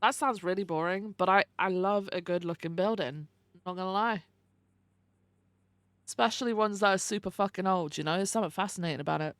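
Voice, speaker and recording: A woman's voice: medium pitch, a little fast, no room sound. A young adult woman streamer chatting casually with her viewers, greeting them by name and swearing freely. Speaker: livestreamer.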